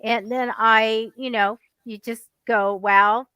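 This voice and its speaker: A woman's voice: on the high side, slow, clean tone, dry recording. A woman, a guest psychic, telling stories animatedly in casual chat. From United States. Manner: animated storyteller, laughs often.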